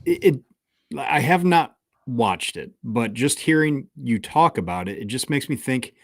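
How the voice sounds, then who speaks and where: A man on a podcast, chatting casually, curious and a little self-deprecating as he thinks out loud. His voice sits at an ordinary pitch and is recorded close and dry. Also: expressive, measured pace, creaky, dry recording. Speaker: podcast co-host.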